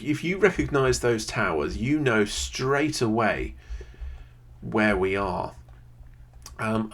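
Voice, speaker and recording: A man, thinking aloud in casual gameplay commentary from a quiet home room, often pausing with "um". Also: mid-range voice. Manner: thinks aloud, chatty, many "um"s. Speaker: video creator playing a geography game. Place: quiet home room with a computer under the desk.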